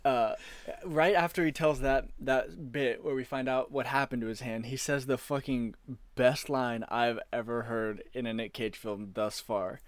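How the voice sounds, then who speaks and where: A man's voice: mid-range voice, unhurried, no room sound. Man, podcast co-host, casual movie chat, swears a lot, dry close sound. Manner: profane, animated retelling of scenes. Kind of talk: casual film-review chat.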